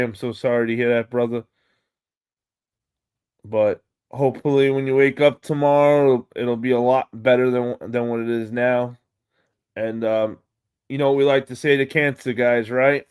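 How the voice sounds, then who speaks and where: A man with a New York accent hosting a casual live stream, excitable and swearing freely as he greets viewers. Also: mid-range voice, normal speed, clean tone.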